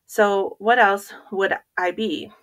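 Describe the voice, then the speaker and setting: A woman's voice: medium pitch, steady tone, slow pace, natural voice. A woman playing a bossy snapping schoolboy. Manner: snappish, barking orders. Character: bossy, hot-tempered schoolboy running a dog-walking business.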